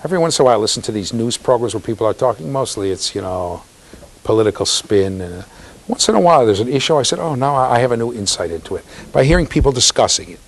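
Medium in pitch and fast in delivery, a male university lecturer gives a conversational classroom talk. He tells stories with animation, checks in with his students, and performs the voices of those he quotes.

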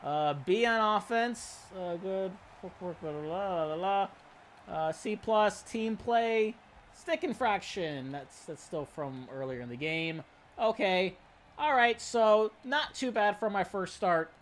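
High-voiced, excitable male gamer. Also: takes it slowly, a little hiss or hum. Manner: excitable, self-deprecating, talks to the screen. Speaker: gamer playing a hockey career mode. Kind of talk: excited let's-play commentary.

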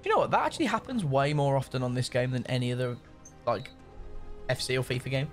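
A man commentating casually on a football video game, bantering with his opponent in an excitable, slangy way. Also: medium pitch, fast talker, faint music behind. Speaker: gaming YouTuber.

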